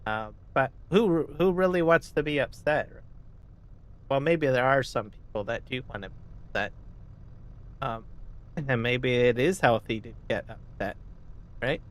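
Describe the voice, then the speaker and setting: A man streaming a farming game, chatting casually and rambling, often asking "right?" and clearing his throat. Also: medium pitch, unhurried, pauses often. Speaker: gaming streamer. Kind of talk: casual live-stream chat.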